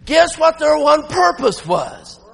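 A male preacher giving a sermon with emphatic, shouting delivery and frequent laughter. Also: extremely high pitch, big pitch swings, takes it slowly, vocal fry, in a large hall.

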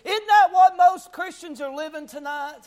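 High-pitched Appalachian preacher calling for amens. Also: male voice, moderate pace. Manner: fervent, rises to shouting and calls for amens. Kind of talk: sermon.

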